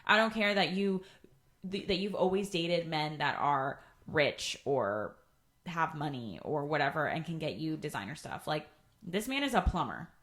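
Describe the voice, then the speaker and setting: A woman's voice: sits low, expressive, normal speed, a bit bright. A young woman co-hosting a podcast, chatting casually with blunt opinions and lots of filler words. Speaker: podcast co-host. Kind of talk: casual chat.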